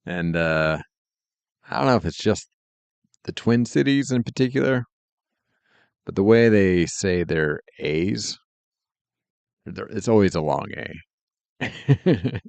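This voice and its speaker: A man's voice: deep voice, expressive, takes it slowly, creaky, pauses often, a little mellow, dry recording. A man streaming while he works, chatting casually in a laid-back, meandering way and chuckling often. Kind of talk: casual rambling chat while working.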